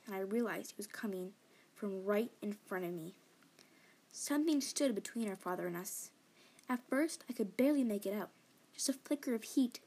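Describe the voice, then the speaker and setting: A woman reading a novel aloud in first person, expressive and sometimes dropping to a whisper. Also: mid-range voice, husky. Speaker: audiobook reader. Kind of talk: fan audiobook narration.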